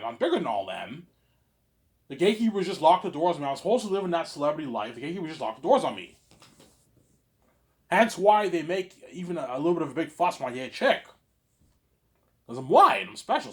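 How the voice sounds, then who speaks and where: With a voice that's a little high, a vlogger talks at length to his audience in a boastful, repetitive ramble. He tags his lines with "obviously" and shifts between loud claims and mumbled asides.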